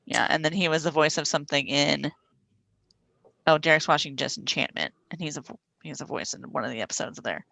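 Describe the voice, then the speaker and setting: Podcast co-host, casual and agreeable, bright tone with some rasp. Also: mid-range voice, a little fast. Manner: agreeable, chatty.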